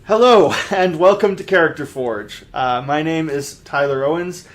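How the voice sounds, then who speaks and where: A man's voice: a little high, moderate pace. Easygoing man hosting a character build. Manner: easygoing, reads out dice rolls. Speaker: podcast host, character builder. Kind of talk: casual tabletop character-building walkthrough.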